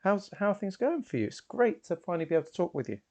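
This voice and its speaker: A man voicing a friendly young woman spacefarer in a tabletop game, speaking in a soft, coaxing way that drops to hushed tones. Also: sits high, very animated, fast, voice pushed up.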